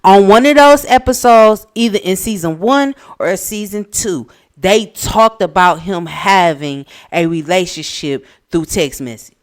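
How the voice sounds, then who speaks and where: A woman's voice: medium pitch, unhurried. Blunt, ranting woman podcast host. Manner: blunt, opinionated, animated ranting. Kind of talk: casual reality TV recap chat.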